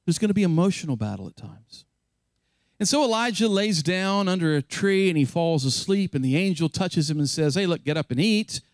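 A man's voice: sits high, animated, a little fast, no echo, studio quality. A man preaching a sermon to his congregation, retelling a scripture story with vivid, dramatic delivery. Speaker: pastor.

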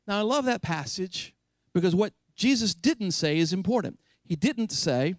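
A man preaching an animated, emphatic sermon as a pastor, paraphrasing scripture in a lively voice. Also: a little high, moderate pace, dry recording, studio quality.

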